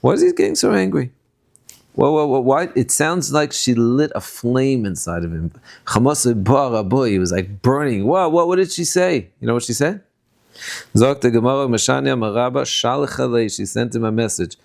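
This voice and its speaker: A rabbi delivers a lively Torah lecture in an easy, talky manner. His voice sits mid-range for a man but leaps sharply upward when he acts out a quote. He mixes Yiddish and Hebrew words freely into his English. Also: normal speed, creaky. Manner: animated, acts out quotes with sudden high bursts; conversational, peppered with Yiddish and Hebrew terms.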